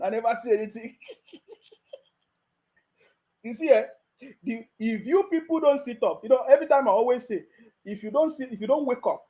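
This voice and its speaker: A man's voice: very high-pitched, normal speed, pauses often, warm tone, rough recording. A Nigerian man giving mocking political commentary, laughing often and repeating his taunts.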